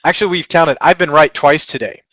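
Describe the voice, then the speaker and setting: A man's voice: fairly high pitch, steady tone, a little fast, fairly bright tone, no echo, muffled recording. A man from Texas hosting a live trading lesson, thinking aloud in a chatty, joking and self-deprecating way with rambling asides. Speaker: trading webinar host.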